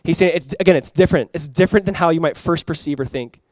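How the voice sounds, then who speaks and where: A man's voice: on the high side, quick pace, no room sound. A man preaching a sermon as pastor, conversational and emphatic, talking to the congregation and inviting them to respond. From California.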